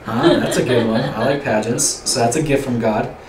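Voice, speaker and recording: A man's voice: mid-range voice, steady tone, normal speed, darkish tone. Man leading a youth group talk. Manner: rambling, repeats words, asks the group questions. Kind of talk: informal youth group teaching. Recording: roomy echo, distant mic, faint room noise.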